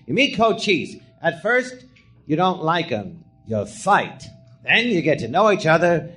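A man, a comedian guest, telling stories in a live podcast and acting out the quotes in high, shouted voices. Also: a little hiss or hum. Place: podcast theatre before a live audience.

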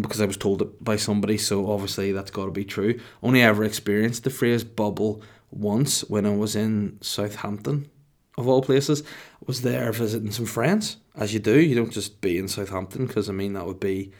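A man's voice: fairly low pitch, fairly even intonation, normal speed. A man in his thirties hosting a podcast, telling a rambling comic story in a jokey, self-mocking way. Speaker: podcast host.

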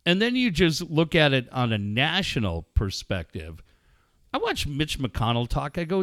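Lively profane man hosting a talk show. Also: fairly high pitch, normal speed, no echo, studio quality. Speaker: host. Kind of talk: casual radio chat.

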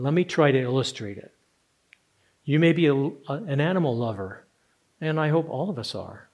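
A man preaching a sermon, earnest and rising to strong emphasis on key words. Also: on the high side. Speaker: pastor.

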